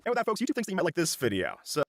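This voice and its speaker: A man's voice: sits high, huge pitch swings. A man hosting a game mod showcase, chatting and joking with friends and laughing often. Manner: rapid, jokey, laughs often. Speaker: Minecraft mod showcase host. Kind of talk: excited gaming chat with friends.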